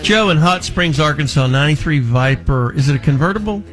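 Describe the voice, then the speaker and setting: Animated teasing radio host man. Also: a little high, a little fast, music in the background. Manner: teasing, blunt, jokey. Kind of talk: casual call-in radio banter.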